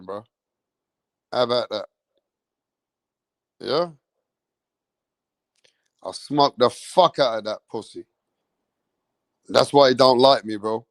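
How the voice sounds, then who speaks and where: A medium-pitched man from England, recorded in clean studio sound with no room noise, rants angrily on his boxing channel's livestream. He swears constantly and keeps repeating himself.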